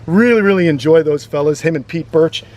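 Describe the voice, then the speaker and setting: A man's voice: fairly high pitch, fairly quick, a little mellow. A man hosting a casual educational vlog outdoors on a grassy lawn, explaining reptiles with chatty enthusiasm. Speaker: reptile sanctuary host.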